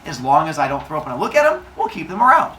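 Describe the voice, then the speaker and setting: A man voicing Father Sky, a gruff, exasperated sky god who acts like a fed-up dad. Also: on the high side, very animated, rapid-fire, sharp tone, echoey room, distant mic, slight background noise.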